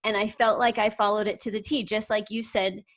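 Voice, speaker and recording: A woman's voice: mid-range voice, level tone, a little fast. A woman co-hosting a casual chat, speaking earnestly about her own experience. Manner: earnest, relating.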